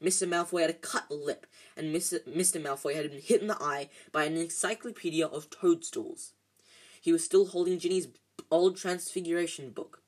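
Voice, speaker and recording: A reader narrating a storybook aloud in a husky voice of middle pitch. They stumble now and then and correct themselves mid-sentence. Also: steady tone, normal speed, darkish tone. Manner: reads with slips and restarts.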